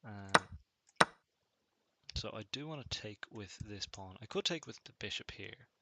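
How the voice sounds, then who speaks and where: Low-voiced man thinking aloud over chess. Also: unhurried, heavy background noise. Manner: thinks aloud while playing, relaxed and musing. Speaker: chess streamer. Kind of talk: casual chess commentary.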